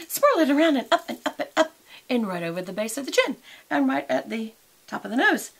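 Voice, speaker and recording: With a high, gravelly and slightly rough voice that swings widely in pitch at a brisk pace, a middle-aged beauty and lifestyle vlogger rambles chattily through a makeup and lifestyle vlog. She talks while putting on makeup and eating.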